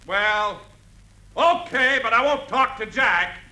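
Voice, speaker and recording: A man's voice: very high voice, expressive, slow, bright, forceful tone, poor audio. A man playing the announcer in a 1940s radio comedy, pouty and gushing.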